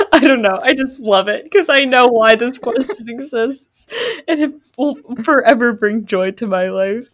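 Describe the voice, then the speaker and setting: A woman's voice: a little high, measured pace. A woman co-hosting a podcast in a casual chat, laughing often and signing off with loose, trailing fillers. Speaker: podcast co-host.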